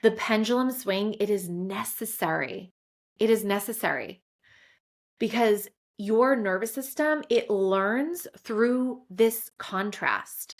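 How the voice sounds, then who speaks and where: A woman's voice: medium pitch, slow. A woman, hosting a solo podcast and telling a personal story candidly and emotionally, full of casual fillers. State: close to tears at times. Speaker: podcast host.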